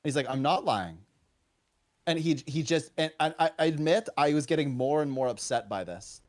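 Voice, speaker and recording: A man's voice: a little high, a little fast. A man, a teacher, telling a story in casual chat, acting out both sides of the conversation. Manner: animated, acts out both sides of a dialogue. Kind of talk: casual storytelling on a live stream.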